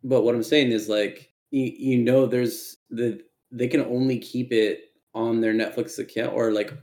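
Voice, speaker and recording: A man co-hosting a casual podcast chat, rambling and halting as he makes his point. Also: medium pitch, flat delivery, darkish tone. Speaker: podcast co-host. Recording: echoey room.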